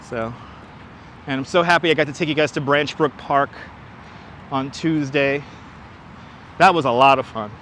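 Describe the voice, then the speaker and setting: A male livestream host walks outdoors through city streets, chatting enthusiastically over a wireless clip-on mic, welcoming viewers by name and reading their comments out loud. He talks at a normal speed with frequent pauses, in a mid-range voice with a fairly bright tone. Slight background noise is audible.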